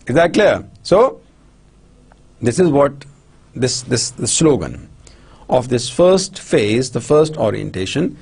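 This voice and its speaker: A man's voice: mid-range voice, very animated, takes it slowly, gravelly, long pauses, darkish tone, slightly rough. A man from Pakistan with a Pakistani English accent, giving a recorded university lecture, repeating himself and often checking that students follow. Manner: repetitive, checks understanding often, many restarts.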